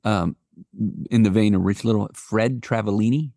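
A man co-hosting a podcast in casual chat, halting often and filling pauses with uh and um. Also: lowish voice, dark tone, no echo, studio quality. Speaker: podcast co-host.

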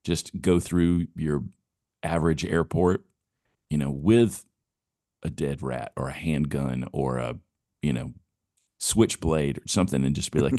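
A man co-hosting a casual comedic podcast, making playful jokes and tossing off deadpan lists. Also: extremely low pitch, measured pace, long pauses, no room sound, clean studio sound. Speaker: podcast co-host.

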